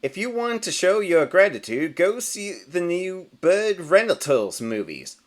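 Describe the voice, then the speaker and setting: A man's voice: high voice, big pitch swings, unhurried, pitched above the performer's own voice. Show-offy duck superhero, slightly raised voice, drawn out, man voicing it. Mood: smug. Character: smug stretchy male duck superhero.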